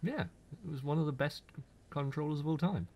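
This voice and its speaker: A man's voice: on the high side, fairly quick, dull audio. A young man co-hosting a podcast, chatting casually and teasing his co-host. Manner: animated, teasing, knowledgeable about games. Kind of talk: casual chat.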